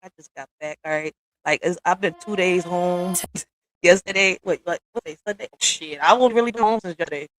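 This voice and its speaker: A woman with a fairly low, slightly bright voice speaks a little quickly while hosting a live stream at home. She rants casually and bluntly right at her viewers, swearing and adding slangy remarks, using a streaming software setup.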